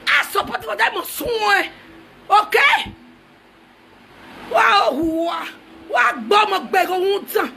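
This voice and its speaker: Nigerian woman, very high gravelly voice, shouting, mocking rant. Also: takes it slowly, long pauses, a little hiss or hum. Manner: taunting, mocking, switches between languages. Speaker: social media personality.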